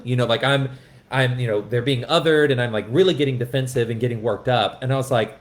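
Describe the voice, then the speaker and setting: A man's voice: medium pitch, a little fast. An impassioned man who teaches music, telling a personal story in a podcast conversation in an earnest way, often restarting his sentences. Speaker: music educator.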